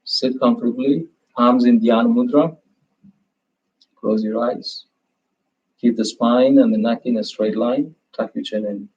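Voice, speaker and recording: A man teaching a yoga class, giving slow, soothing cues and softly chanting as he guides a meditation. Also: medium pitch, slightly rough. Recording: muffled lo-fi sound.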